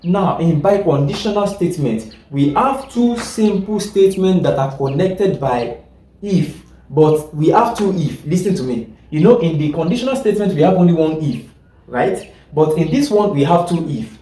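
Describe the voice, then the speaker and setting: Male teacher, fairly high and mellow, patient and repetitive, keeps checking that the class follows; roomy, distant sound. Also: animated. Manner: halting, self-correcting explanations. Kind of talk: classroom lecture. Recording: echoey room, distant mic.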